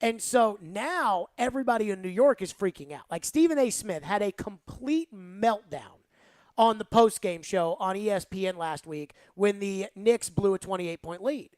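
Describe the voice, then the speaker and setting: A woman's voice: mid-range voice, lively intonation, normal speed, darkish tone, no echo. A woman hosting sports talk radio, giving rambling, emphatic opinions and saying "like" a lot.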